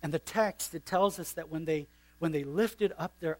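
A man preaching a sermon earnestly, stressing and slowing on key phrases. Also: a little high, darkish tone.

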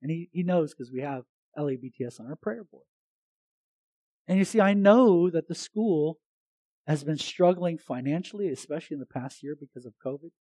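A man preaching a sermon as pastor, talking to his congregation in a conversational, animated way with frequent restarts. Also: fairly high pitch, moderate pace, no echo.

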